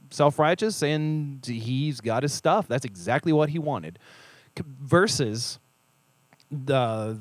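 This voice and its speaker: A man co-hosting a casual faith talk, retelling stories with lively acted-out quotes and quick asides. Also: medium pitch, no room sound. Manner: animated storyteller, acts out quoted voices, quick asides.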